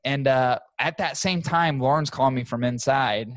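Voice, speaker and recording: A young man chats on a podcast and swears freely while he tells an animated story. His voice sits at an ordinary pitch and sounds close and dry, with no room around it. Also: moderate pace, dry recording. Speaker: podcast co-host. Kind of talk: casual chat.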